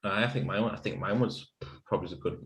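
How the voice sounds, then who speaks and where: A man co-hosting a podcast rambles through casual banter over a few beers, laughing and swearing along the way. He talks fast, with a slightly low voice and a fairly bright tone, in a room that rings with echo.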